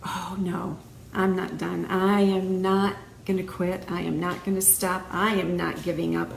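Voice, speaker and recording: A woman's voice: medium pitch, warm tone. A woman hosting her own video, giving an earnest, emphatic faith talk with many repeated phrases. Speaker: video host. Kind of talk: encouraging faith talk to camera. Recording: echoey room, faint noise.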